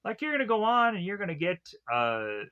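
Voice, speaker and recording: A man's voice: sits high, wildly swooping pitch, brisk, sharp tone, smooth, dull audio, voice pushed up, exaggerated voice. A man quoting a stern male monster teacher with a scolding, menacing manner, in his own voice. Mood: threatening.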